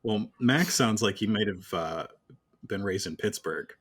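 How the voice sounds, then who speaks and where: A man speaks at a tabletop game, both explaining the rules and voicing his character. His voice sits low and has a husky edge. He keeps a dry, matter-of-fact delivery throughout. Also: a little slow. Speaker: player.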